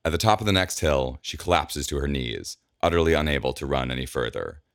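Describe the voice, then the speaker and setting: A man reading scripted narration in a measured, descriptive way. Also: a bass voice, expressive, dry recording, clean studio sound.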